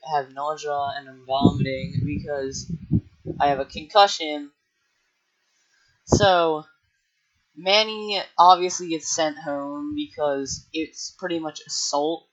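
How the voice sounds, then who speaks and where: A man's voice: fairly high pitch, a bit bright. Young man, casual storytelling vlogger, rambling delivery, muffled home-mic sound. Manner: rambling, heavy use of filler words and restarts. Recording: dull lo-fi mic.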